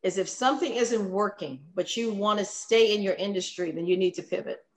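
This is a middle-aged woman, a guest chatting on a talk show. She tells her stories at an even, middle pitch and acts out the people she quotes. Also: a little fast. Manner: storytelling, acts out quoted dialogue. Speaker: guest, wine business co-founder. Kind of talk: casual interview chat.

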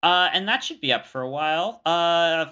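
A man's voice: a little high, lively intonation, bright, forceful tone, clear, resonant tone. A young man co-hosting a podcast, chatting casually with lots of fillers and restarts. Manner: halting, many fillers and restarts. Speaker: podcast co-host. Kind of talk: casual chat.

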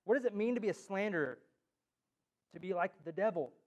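High-voiced man preaching with teasing jabs. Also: lively intonation, fairly quick, highs cut off. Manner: joking, teasing delivery with sudden loud jabs. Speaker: pastor. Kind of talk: sermon. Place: church.

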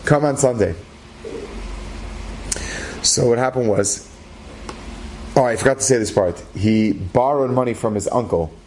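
Guy telling a story out loud, gets excited at the big moments, does everyone's lines himself, bit of faint noise behind. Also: measured pace, long pauses. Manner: animated, rises in pitch at dramatic moments; acts out characters' lines in his own voice. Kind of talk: spoken religious storytelling.

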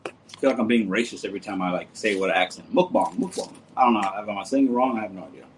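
A man's voice: lowish voice, fast talker, slight background noise, poor audio. A man hosting a casual livestream, reading viewer comments and joking with them in a laid-back way. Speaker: livestream host.

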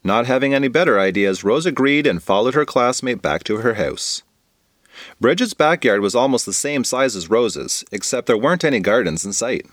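A man's voice: mid-range voice, expressive, moderate pace, fairly bright tone, no echo, studio quality. A man narrating a goofy children's story in a playful, comic manner. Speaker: podcast storyteller.

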